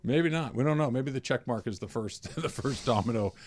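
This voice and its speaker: A man's voice: medium pitch, brisk, background noise. A man co-hosting a sports talk radio show, chatty and self-deprecating, laughing often.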